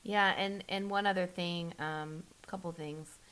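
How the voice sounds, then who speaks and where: A woman in a candid, casual conversation, telling her story with frequent false starts. She gets animated and lifts her voice when acting out what was said. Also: a little slow, smooth. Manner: animated, acts out quotes with rising pitch, restarts often.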